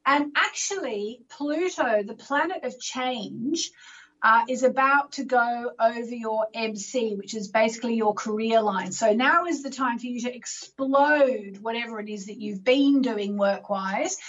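A woman's voice: a little high, unhurried, a bit bright, highs cut off. A woman hosting a call-in astrology show, coaching callers through affirmations in an encouraging way.

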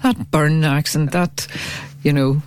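A woman's voice: deep voice, fairly even intonation, slow pace, a little mellow, clear, resonant tone. A woman guest on a radio show, a mindset coach who chats and gives advice, upbeat and teasing with her questions. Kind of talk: casual radio chat turning to advice.

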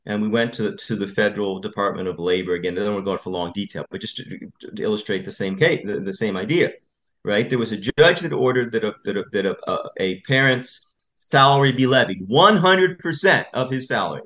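A man's voice: lowish voice, animated, fairly quick, a bit bright. A male attorney speaking as an interview guest, emphatic and repetitive as he tells stories. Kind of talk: interview conversation.

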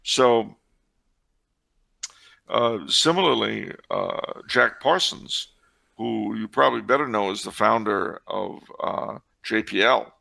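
A man's voice: fairly low pitch, slow pace, vocal fry, sharp tone. A man answering questions on church history in casual discussion, with wry, digressive, sardonic asides.

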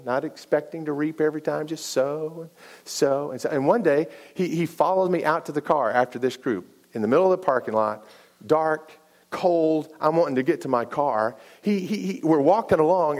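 Middle-aged male pastor in a sermon, animated storyteller, jumps up in pitch for quoted dialogue, frequent restarts. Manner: animated and repetitive, many restarts, acts out dialogue.

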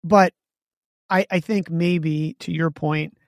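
Animated male podcast co-host, dry sound. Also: fairly high pitch, slow, dry recording. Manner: animated storyteller, acts out both sides of dialogue. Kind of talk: casual podcast conversation.

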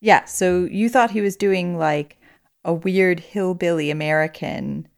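A woman with a somewhat low voice co-hosts a chatty podcast. She explains her views in a measured way and builds them step by step. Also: vocal fry. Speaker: podcast co-host. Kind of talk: casual chat.

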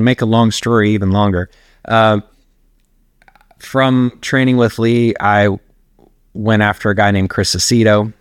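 A man's voice: lowish voice, clean tone, no echo, clean studio sound. A middle-aged man, a personal trainer, telling long rambling stories as a guest in a casual interview. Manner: rambling, anecdotal, laughs while telling stories.

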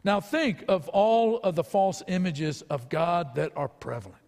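High-voiced man preaching a sermon. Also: very animated, a little slow, darkish tone, in a large hall. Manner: earnest preaching with rhetorical questions. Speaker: pastor.

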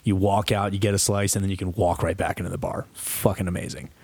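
A young man with a lowish voice spins a long, swearing-laced story on a casual podcast. He rambles and restarts, then slips into the voices of the people in his story. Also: flat delivery, quick pace, gravelly, a little mellow, no room sound. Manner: profane, rambling storyteller who acts out quotes. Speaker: podcast co-host.

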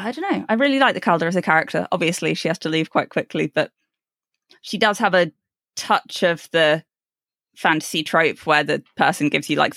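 Woman co-host for a casual book chat, gravelly voice, dry close recording. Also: low-pitched, no echo. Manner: chatty, laughs often, animated asides. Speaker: podcast co-host.

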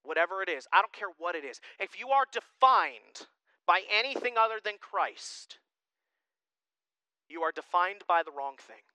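Male pastor, high, lively voice, bright and crisp; emphatic preaching with quick asides. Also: no room sound. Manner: animated, emphatic, jokey asides. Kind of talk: sermon.

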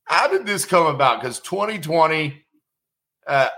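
A man's voice: fairly high pitch, animated, measured pace, bright, forceful tone. A man hosting a podcast, chatting casually with his guest and retelling a story. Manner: conversational, lots of fillers and restarts. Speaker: podcast host. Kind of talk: casual interview chat.

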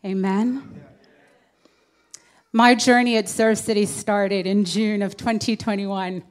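A woman addressing her church congregation, sharing her story in measured, prayerful phrases. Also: mid-range voice, fairly even intonation, smooth. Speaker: church speaker. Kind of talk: church testimony.

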